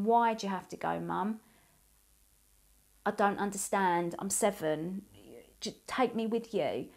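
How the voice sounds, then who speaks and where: A woman in her forties speaking as a survivor, giving a halting, emotional personal testimony with many pauses. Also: medium pitch. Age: 40s. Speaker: abuse survivor sharing her story.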